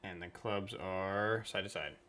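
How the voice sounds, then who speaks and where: Low voiced guy playing a game, thinking out loud, super bright sharp tone. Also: fairly even intonation, a little slow, a little hiss or hum. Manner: rambling, thinks aloud, reads game text aloud. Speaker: gaming channel host. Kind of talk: casual let's-play commentary.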